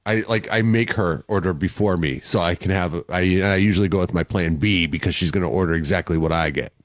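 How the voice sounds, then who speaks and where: A man with a fairly low voice talks in loose, casual banter as a co-host. He is blunt and grumbling and tends to say the same thing twice. The sound is close and very dry. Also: a little fast, dry recording. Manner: blunt, grumbling, repeats himself.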